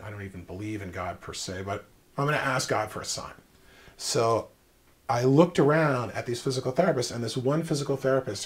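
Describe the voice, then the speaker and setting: A man, likely in his thirties or forties, telling a personal story as an interview guest, reflective and emphatic with pauses. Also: mid-range voice.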